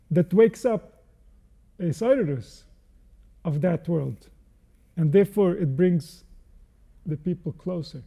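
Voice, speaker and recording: Teaching unscripted and slowly, this Jewish spiritual teacher has a high, gravelly voice with a warm tone. He reflects in measured explanations, pausing and using Hebrew terms.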